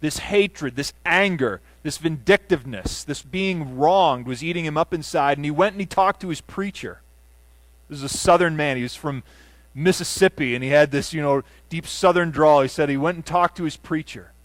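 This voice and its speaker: High-voiced preaching man, dry sound. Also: moderate pace, dry recording. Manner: earnest preaching with rising emphatic runs and soft low endings. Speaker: pastor. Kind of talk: sermon. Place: church sanctuary.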